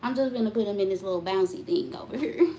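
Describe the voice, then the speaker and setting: A woman's voice: medium pitch, fast, mellow, dull audio, slight background noise. A woman vlogging live from her home kitchen, chatting casually with viewers and greeting them by name while she does the dishes. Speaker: live-streaming mom vlogger. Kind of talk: casual live-stream chat.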